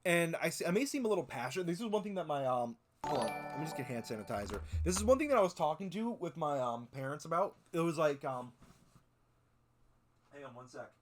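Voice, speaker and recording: A man's voice: on the high side, sing-song, a little fast, faint music behind. A man in his twenties streaming, chatting casually and rambling with lots of swearing and fillers. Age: 20s. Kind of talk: casual stream chat reacting to videos.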